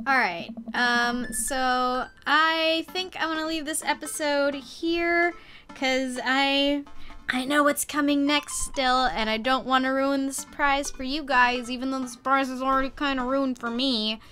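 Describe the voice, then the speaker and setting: A woman's voice: sits high, steady tone, a little slow, sharp tone, faint music behind. A woman hosting a let's play, chatting playfully and casually to her viewers. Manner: playful and chatty, sings off-key snippets. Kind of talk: casual gameplay commentary.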